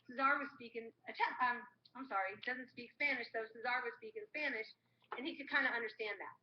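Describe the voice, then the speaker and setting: A woman's voice: a little high, brisk, reverberant. A woman co-hosting a live stream, telling a rambling travel story with quoted voices. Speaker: co-host. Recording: dull lo-fi live stream audio with faint noise.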